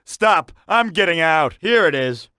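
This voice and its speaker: An actor playing a jittery, wisecracking taxi passenger in a video game, complaining with quick retorts. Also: male voice, on the high side, lively intonation, pushed and bright, clean tone, dry recording, studio quality.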